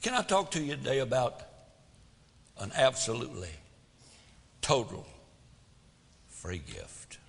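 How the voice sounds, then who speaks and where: A man's voice: mid-range voice, huge pitch swings, unhurried, vocal fry, long pauses, breathy edge, long reverb tail. A man preaching a sermon as pastor, folksy, full of rhetorical questions, swelling and dropping for drama.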